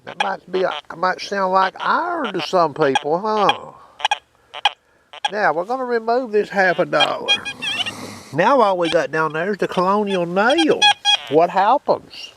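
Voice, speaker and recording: A high-pitched, gravelly male voice, expressive and unhurried, comes through a very noisy recording with loud detector tones behind it. He hosts a metal detecting channel, showing off his detector in a folksy, hands-on demonstration and checking in with viewers as he goes.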